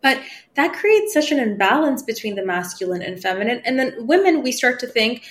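On a podcast, a medium talks briskly in a voice on the high side. Casual and expressive, she plays out her own internal dialogue and lets the occasional swear word slip.

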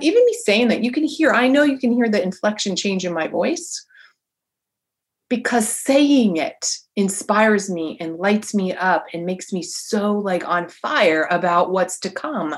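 A woman in her forties hosting a motivational podcast, talking in an animated, emphatic, chatty way. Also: mid-range voice, measured pace. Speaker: podcast host, coach.

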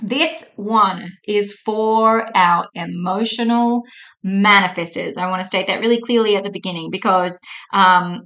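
A woman in her thirties hosts a solo podcast and talks her listeners through a topic. She is chatty and explanatory, pausing often to check in with "okay?". Her voice sits at an ordinary middle pitch. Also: a bit bright. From Australia. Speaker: podcast host.

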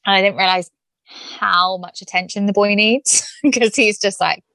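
A woman's voice: medium pitch, fairly even intonation, moderate pace, sharp tone, no echo. A British woman hosting a podcast interview, chatty, blunt and teasing with her guest. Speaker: podcast host.

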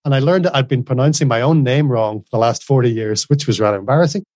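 A man in his forties with a softened Northern Irish accent that carries a trace of Australian speaks as an interview guest. He talks earnestly in long, flowing runs, often restarting a phrase. His voice sits at a middling pitch and sounds dry and close, with almost no room around it. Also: quick pace, dry recording. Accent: softened Northern Irish, mixed with Australian. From Northern Ireland. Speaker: guest, course creator. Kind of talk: casual interview conversation.

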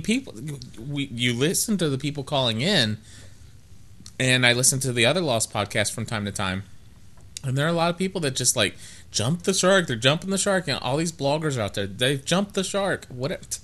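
A man's voice: mid-range voice, lively intonation, normal speed, fairly bright tone. A man hosting a podcast in casual chat, rambling and joking at his own expense. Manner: rambling, self-mocking, jokey. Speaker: podcast host.

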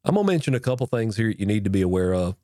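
A man hosting a podcast, casually explaining mic technique in a folksy way while he speaks into a boom-arm microphone with a foam cover. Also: sing-song, racing, mellow, dry recording, clean studio sound. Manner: folksy, repeats and restarts while demonstrating at the mic. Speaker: podcast host teaching audio gear. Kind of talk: casual instructional talk to camera. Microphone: boom-arm microphone with foam cover close to his face.

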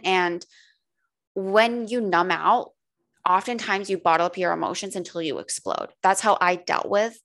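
A woman's voice: medium pitch, fairly bright tone. A woman coach talking candidly in a casual podcast conversation, swearing freely and saying "like" a lot. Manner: candid, frequent swearing and filler "like". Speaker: holistic coach guest.

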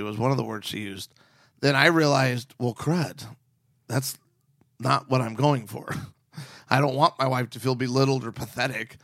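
A middle-aged man co-hosting a talk podcast, telling stories in a sarcastic, animated way. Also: medium pitch, gravelly, no room sound, studio quality. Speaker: podcast co-host. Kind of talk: casual chat.

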